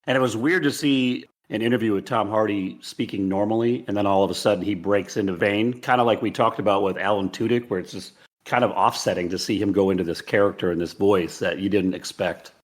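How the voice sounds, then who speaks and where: A man on a movie podcast sharing trivia in a relaxed, storytelling way. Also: on the low side, brisk, hardly any pauses. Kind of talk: casual movie-discussion chat.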